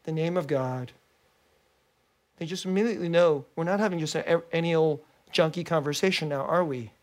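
Pastor, sermon, storytelling, animated, conversational. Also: medium pitch, normal speed.

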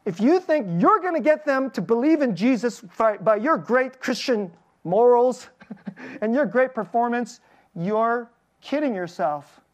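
Lively, chuckling pastor preaching a casual sermon. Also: medium pitch, a little slow. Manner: animated, chuckles between points, asks the audience direct questions. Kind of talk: conversational sermon. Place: church service with slides.

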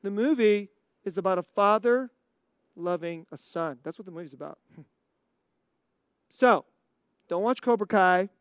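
An American preacher telling a story in a sermon, animated, acting out scenes and laughing often. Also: mid-range voice, measured pace, long pauses, clean tone, dry recording, studio quality. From United States.

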